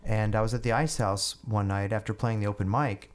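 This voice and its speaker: A middle-aged musician guesting on a podcast tells his story in a fairly low, steady voice at a brisk clip. He's chatty, stumbles over repeated words, and slips into playing the characters in his tale.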